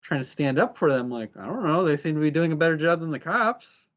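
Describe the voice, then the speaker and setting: A man's voice: fairly high pitch, brisk, dull audio. A man co-hosting a podcast, recapping a TV episode in casual chat, acting out the characters and laughing often with lots of fillers. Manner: animated, acts out characters' lines. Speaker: podcast co-host.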